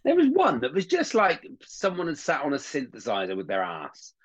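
A man co-hosts a casual podcast chat, rambling from one joke to the next and mocking what he's heard. His pitch swings widely as he talks. The recording is dull and slightly lo-fi. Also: huge pitch swings, normal speed, husky. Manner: jokey, rambling, mocking impressions. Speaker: podcast co-host.

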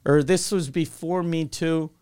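A man from Quebec tells stories in a loose podcast chat. His voice sits a bit high for a man, and he swears a lot as the stories pick up. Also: a little slow, clear, resonant tone. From Quebec, Canada. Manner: animated storytelling, swears freely. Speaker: podcast co-host.

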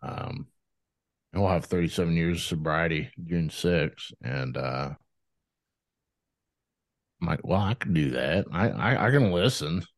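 Thirties male guest, low-pitched, animated and profane, restarts often, dry recording. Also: unhurried, long pauses, no room sound. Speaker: podcast guest. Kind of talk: casual storytelling interview.

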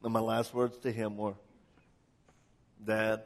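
A man's voice: fairly low pitch, little pitch movement, normal speed, long pauses, a little mellow. A man preaching a sermon, telling personal stories dramatically and pressing his listeners with emphatic questions. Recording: long hall reverb.

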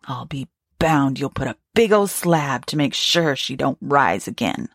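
Bitter grieving old servant woman, low and husky, slow and scolding read by a woman narrator. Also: expressive, dry recording, studio quality, exaggerated voice. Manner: harsh, scolding, rural ungrammatical speech. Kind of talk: audiobook reading.

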